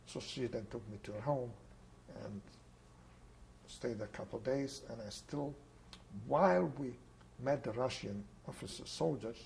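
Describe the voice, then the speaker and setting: Older man with a gravelly voice. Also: medium pitch, a little mellow, slight background noise, rough recording. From Ungvar, Czechoslovakia. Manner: unhurried, plain storytelling with pauses. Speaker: Holocaust survivor interviewee. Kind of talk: oral history testimony.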